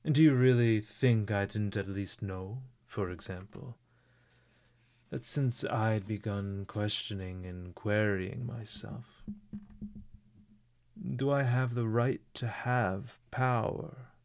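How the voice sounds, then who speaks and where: A man's voice: fairly low pitch, slow, darkish tone, no room sound. A man voicing a feverish, brooding young man confessing, intense and sometimes sinking into unvoiced whispers.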